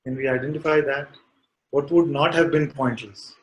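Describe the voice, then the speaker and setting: Calm man teaching in dialogue. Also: medium pitch, background noise. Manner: calm, unhurried, asks probing questions. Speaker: spiritual teacher. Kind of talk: satsang dialogue.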